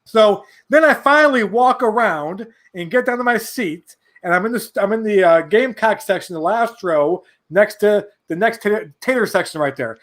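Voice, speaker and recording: A man in his forties from New York, a podcast guest telling a rambling, animated anecdote full of restarts. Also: high-pitched, normal speed. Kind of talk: casual storytelling.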